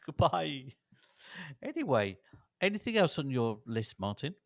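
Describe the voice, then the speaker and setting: A man co-hosting a podcast in casual chat, playful, with quick supportive replies. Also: medium pitch, sing-song, vocal fry, dry recording. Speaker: podcast co-host.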